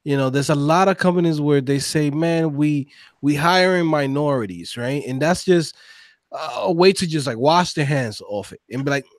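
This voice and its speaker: A man co-hosting a casual podcast conversation, talking in an animated, slangy, emphatic way. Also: fairly high pitch, normal speed, no echo, clean studio sound. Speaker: podcast co-host.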